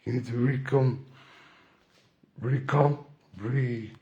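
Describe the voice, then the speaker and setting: A man's voice: mid-range voice, steady tone, slow pace, mellow, highs cut off. A man speaking a rambling spiritual monologue to the camera, repeating himself and questioning himself aloud. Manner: rambling, repetitive, self-questioning.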